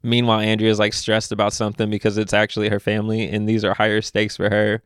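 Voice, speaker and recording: Young man, from Louisville, lowish smooth voice, dry close sound, animated casual storytelling. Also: no room sound. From Louisville, Kentucky. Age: young adult. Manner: animated storyteller, laughs often, quick asides. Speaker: podcast guest. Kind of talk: casual conversation.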